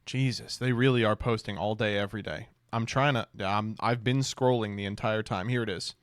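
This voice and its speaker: A man's voice: fairly low pitch, brisk, hardly any pauses, dry recording. Sarcastic streamer man, dry sound. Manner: sarcastic, deadpan mock praise. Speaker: streamer reacting to clips. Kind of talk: casual commentary stream.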